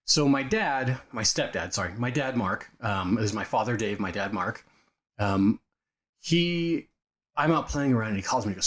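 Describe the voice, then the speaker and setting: A man co-hosting a podcast, telling childhood stories in a casual, animated way and acting out the quotes. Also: on the low side, moderate pace. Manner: animated storyteller, acts out quotes. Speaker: podcast co-host. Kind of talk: casual chat, storytelling. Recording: studio recording of modest quality.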